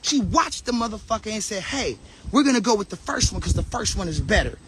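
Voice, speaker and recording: Man ranting in an interview, high voice, swears a lot, faint clicks in back. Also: sing-song, fairly quick, fairly bright tone, slight background noise. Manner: crude, emphatic storytelling. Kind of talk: profane interview rant.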